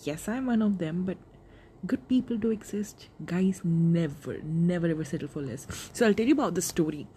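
A woman's voice: lowish voice, lively intonation, moderate pace, mellow, slight background noise. A young woman in her twenties hosting a casual solo podcast, rambling and swearing freely as she corrects herself. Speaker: podcast host.

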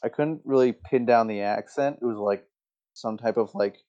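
A man's voice: medium pitch, normal speed, warm tone. A young man co-hosting a casual podcast, telling stories hesitantly with lots of fillers. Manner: hesitant, filler-heavy storytelling. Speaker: podcast co-host. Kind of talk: casual chat. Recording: dull lo-fi mic.

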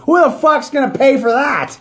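A man's voice: very high voice, normal speed, faint music behind. A Canadian man co-hosting a podcast, ranting with lots of swearing in casual chat. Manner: profane, ranting, animated political rant. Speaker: podcast co-host. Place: small hot studio.

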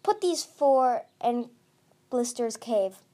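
A woman's voice: a little high, lively intonation, moderate pace, dark tone. Woman putting on a haughty dragon queen. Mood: regal. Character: haughty regal female sea dragon queen.

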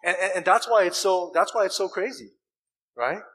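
High, bright-voiced animated preacher man. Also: slightly rough, poor audio. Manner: animated, emphatic preaching with rhetorical questions; deliberate pauses and repeated words. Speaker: pastor. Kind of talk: sermon.

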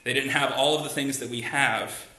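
A man's voice: medium pitch, steady tone, normal speed, pushed and bright, a little hiss or hum. A man pastor giving a sermon in a church, talking conversationally and asking the congregation rhetorical questions. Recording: echoey room.

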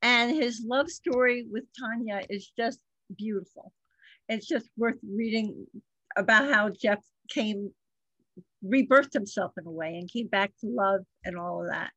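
A woman hosting an interview, speaking with enthusiasm and adding quick interjections. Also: medium pitch, bright, forceful tone, dry recording, muffled recording. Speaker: host.

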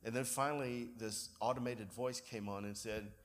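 A pastor, giving a sermon in a relaxed storytelling way with self-deprecating humor. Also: male voice, medium pitch, moderate pace.

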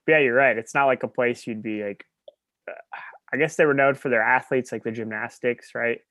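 A man's voice: medium pitch, fairly bright tone, dry recording. Rambling man chatting on a podcast. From Nebraska, USA. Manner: rambling, self-correcting, quick to laugh. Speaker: podcast co-host. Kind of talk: casual chat.

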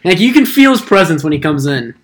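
Young man, podcast host, casual chat, animated, laughing, slightly high pitch. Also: fast. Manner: animated, laughing, quoting movie lines in funny voices.

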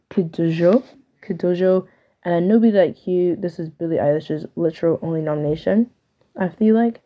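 A woman's voice: on the low side, dull audio. A young woman hosting a podcast, talking casually and opinionatedly, with lots of "like" fillers. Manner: chatty, opinionated, filler-heavy with "like". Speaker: podcast host. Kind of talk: casual solo podcast chat.

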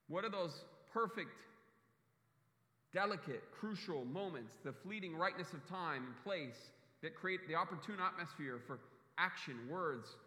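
A man's voice: high voice, animated, unhurried, sharp tone. A man preaching a sermon as pastor, earnest, often repeating words while he searches for the next one. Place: church sanctuary. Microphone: handheld or stage mic. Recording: echoey hall reverb.

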